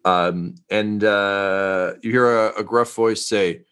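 Low-voiced man, rambling game master. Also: fairly even intonation, takes it slowly, a bit bright, smooth. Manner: rambling, filler-heavy, jokey. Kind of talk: narrating a tabletop game.

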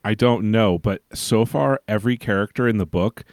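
A man's voice: lowish voice, moderate pace, a little mellow, no room sound. A man co-hosting a podcast, chatting casually and recapping with a dry, joking edge. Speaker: podcast co-host. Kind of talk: casual chat.

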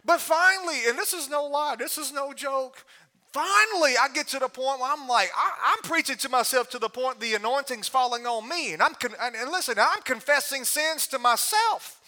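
A man giving a storytelling sermon as a guest preacher, animated and humorous, often breaking into laughter. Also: very high voice, normal speed.

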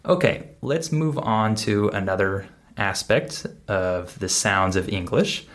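A man teaching English pronunciation on a podcast, speaking deliberately and repeating example words and sentences. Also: lowish voice. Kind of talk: podcast lesson.

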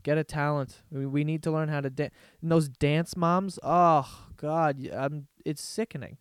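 A man's voice: a little high, steady tone, normal speed, clear, resonant tone, dry recording, studio quality. A man hosting a solo podcast, telling stories in a rambling, profane, laughing way. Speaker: podcast host. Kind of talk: casual solo podcast rant.

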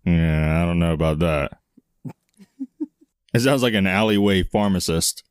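A man's voice: low-pitched, a little slow, pauses often, smooth, no room sound, studio quality. A man co-hosting a casual comedic chat who makes crude jokes and laughs a lot. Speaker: podcast co-host.

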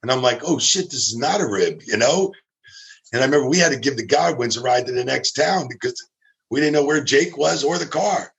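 Guy with a gravelly voice spinning an old road story, keeps jumping up in pitch to do the other people. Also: brisk. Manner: animated, acts out quotes with big pitch jumps. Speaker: former ring crew member telling stories. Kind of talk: casual storytelling chat.

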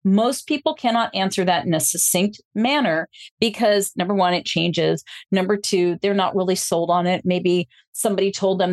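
A woman's voice: medium pitch, moderate pace, few pauses. A woman guest, a coach who also hosts podcasts, explaining her ideas in a reflective, flowing way. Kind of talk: casual interview chat.

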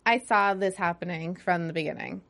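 A woman's voice: fairly low pitch, brisk, creaky, fairly bright tone. A woman co-hosting a TV recap show, chatting casually and filling her talk with "like". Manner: chatty, many fillers like "like". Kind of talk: casual chat.

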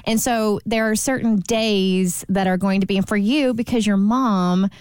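A woman podcast host who talks in a gentle, consoling way and speeds up in bursts. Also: mid-range voice, steady tone, moderate pace, smooth, no echo, clean studio sound. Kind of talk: casual podcast conversation.

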